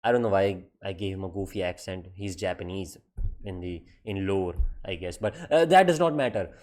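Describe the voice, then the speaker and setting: A man's voice: low voice, moderate pace, darkish tone. Exasperated man ranting profanely. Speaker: anime commentary creator. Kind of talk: comedic rant.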